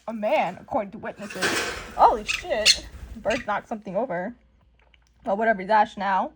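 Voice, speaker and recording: A woman casually recapping and commenting on a comic book from home, chatty and animated with lots of fillers. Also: fairly high pitch, normal speed, very noisy. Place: home room with a pet bird.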